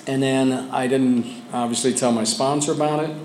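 Man giving halting testimony in an echoey room. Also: mid-range voice, steady tone, heavy background noise. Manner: candid, halting storytelling with many restarts. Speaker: member sharing his story at a support group. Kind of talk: personal testimony. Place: meeting room with a group of men. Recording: echoey room with faint ambience.

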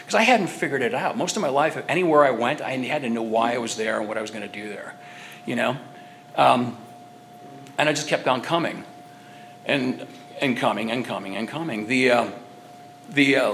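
Man, personal testimony at a group meeting, rambling and halting, average pitch. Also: fairly bright tone, a little hiss or hum. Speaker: speaker sharing at a recovery meeting.

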